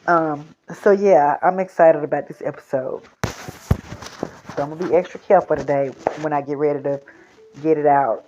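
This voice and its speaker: A woman's voice: low voice, fairly even intonation, normal speed, mellow, slight background noise. A woman hosting a children's storytime show, chatting casually and rambling before reading aloud. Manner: chatty, rambling, repeats herself. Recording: dull lo-fi recording.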